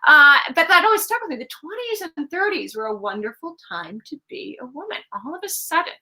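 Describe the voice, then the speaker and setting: A woman's voice: sits high, expressive, fairly quick, bright, forceful tone, poor audio. A woman author talking about her book on a video call, chatty and full of fillers and restarts. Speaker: author guest.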